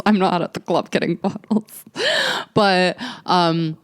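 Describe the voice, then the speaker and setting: A woman's voice: on the low side, a little slow, clear, resonant tone. Sassy young woman ranting on a podcast. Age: early 20s. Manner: animated, ranting, profane, sassy. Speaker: podcast host. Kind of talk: casual storytelling chat.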